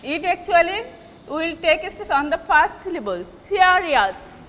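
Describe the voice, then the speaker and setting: A woman with a Bangladeshi English accent gives a classroom lecture on word stress, pausing often and repeating example words. Her voice is high and bright. The reverberant room carries a faint hum of ambience. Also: expressive. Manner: slow, halting explanation with repeated example words. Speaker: English teacher.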